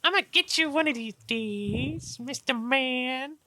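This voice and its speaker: A man's voice: extremely high pitch, unhurried, no echo, pitched above the performer's own voice, heavily acted. Man doing a squealing tiny half-orc girl. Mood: playful. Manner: squealing, shouts her own ambushes. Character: tiny excitable female half-orc, loud and playful.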